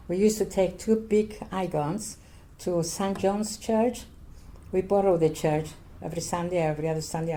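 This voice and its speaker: An older woman from Cyprus, Greek her first language, telling her life story in an oral history interview in halting, repetitive English. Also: low voice, warm tone. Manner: halting, repetitive non-native English, earnest.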